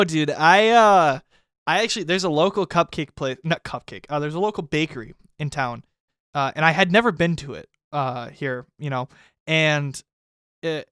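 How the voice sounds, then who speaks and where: A man's voice: fairly high pitch, a bit bright, no room sound, clean studio sound. Swearing, rambling young man host. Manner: rambling, swears heavily, gets worked up when ranting. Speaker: podcast host. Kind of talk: casual podcast chat.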